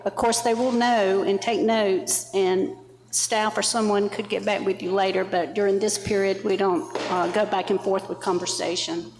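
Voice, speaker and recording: A woman serving as city clerk reads out the rules for public comment in a measured way, with occasional fillers. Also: mid-range voice, a little hiss or hum. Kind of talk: procedural announcement. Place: council chamber. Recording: echoey council chamber.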